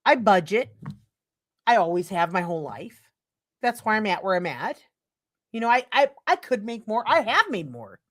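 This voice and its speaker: A woman's voice: mid-range voice, very animated, normal speed, long pauses. A middle-aged woman streaming commentary, reading a text aloud and breaking into heated, profane, sarcastic rants. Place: home streaming setup.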